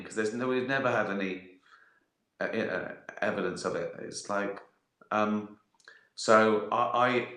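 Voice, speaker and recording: A man answers viewer questions in loose, rambling live-stream chat, full of swearing and bursts of his own laughter. He talks slowly, with a bright, forceful tone. The sound is roomy and echoing, like a home setup. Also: on the low side. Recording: echoey room.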